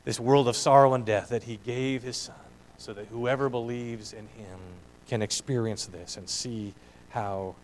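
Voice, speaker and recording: A middle-aged man preaching a sermon in an earnest voice, rising to strong emphasis and dropping to quiet reflection. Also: mid-range voice, fairly even intonation, measured pace, a little hiss or hum, poor audio. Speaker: pastor.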